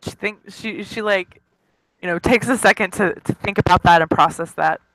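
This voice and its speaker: A man playing a tabletop role-playing game, describing his character's actions in a halting way. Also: sits high, pushed and bright, dry recording, poor audio. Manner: halting, full of fillers. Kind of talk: tabletop role-play narration.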